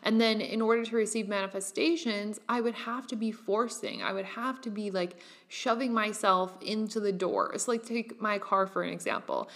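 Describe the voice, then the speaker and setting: A woman's voice: mid-range voice, normal speed, hardly any pauses, a bit bright. A young woman hosting her own podcast, talking casually and with animation, full of "like" fillers and the odd laugh. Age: young adult. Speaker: podcast host. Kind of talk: casual solo podcast monologue.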